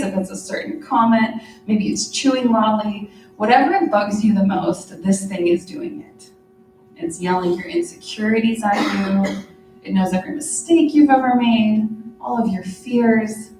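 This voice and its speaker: A woman's voice: mid-range voice, a little mellow. A woman presenting a workshop to a live audience, talking conversationally and checking in with frequent "right?" and "okay?". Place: conference room with a podium. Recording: echoey room, mic far off.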